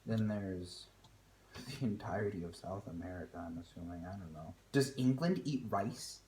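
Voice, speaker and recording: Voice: sits low, normal speed, a little mellow, slight background noise. A vlogger chatting casually while cooking at home, rambling and self-mocking, with plenty of fillers. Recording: echoey room with faint music.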